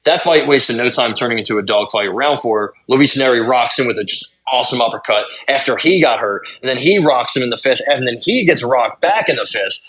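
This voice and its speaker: A young adult man co-hosting a podcast, recapping fights in casual chat, talking fast and swearing. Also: medium pitch, a bit bright. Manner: rapid, swearing fight recaps with lots of fillers. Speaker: podcast co-host.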